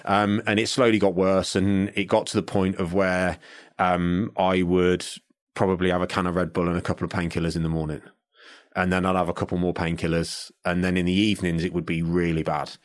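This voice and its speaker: A middle-aged man spins a long story in casual chat. His voice sits very low, and the recording is dry and close. He restarts his sentences often and slips into the voices of the people he quotes. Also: flat delivery, brisk, dry recording. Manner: chatty, restarts often and acts out other people's lines.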